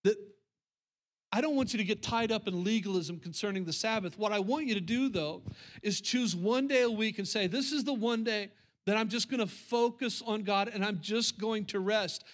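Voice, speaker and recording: A man's voice: sits high, normal speed. A man preaching a sermon as pastor to his congregation in church, emphatic and repetitive. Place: church sanctuary.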